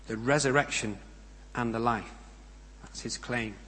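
A man's voice: mid-range voice, bright, forceful tone. Man preaching in a reverberant hall. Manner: measured, emphatic delivery with pauses and rhetorical questions. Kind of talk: sermon. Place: church. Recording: long reverb of a church hall.

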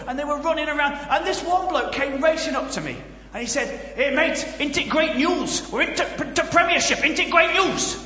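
A man with a generic Northern English accent delivers a comic sermon, full of jokes and storytelling. His voice is high and bright. It rings out with a long hall echo around it. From Northern England. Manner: jokey, storytelling, lively asides. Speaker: guest preacher and comedian. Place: church.

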